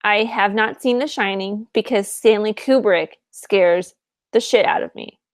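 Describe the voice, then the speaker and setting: A woman co-hosts a podcast in a relaxed, chatty way, with filler words all through her speech. Her voice sits at an ordinary pitch, and the recording is dry and close, with no room sound. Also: unhurried, dry recording. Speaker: podcast co-host. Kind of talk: casual chat.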